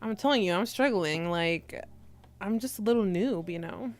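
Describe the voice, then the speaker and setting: Young woman, streamer, casual chat, teasing, giggly, medium pitch. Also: normal speed, darkish tone. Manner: playful, teasing, giggly, reads chat aloud.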